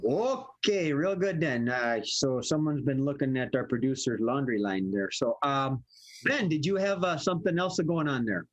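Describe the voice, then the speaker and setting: A man hosting an improv comedy show with playful, jokey patter and a slightly husky voice. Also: medium pitch, animated, moderate pace, highs cut off. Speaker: improv host.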